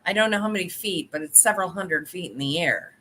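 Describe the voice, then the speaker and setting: A woman's voice: fairly low pitch, lively intonation, quick pace, sharp tone, a little hiss or hum. A woman hosting an interview podcast, asking questions with enthusiasm and laughing often. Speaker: podcast host. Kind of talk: casual interview.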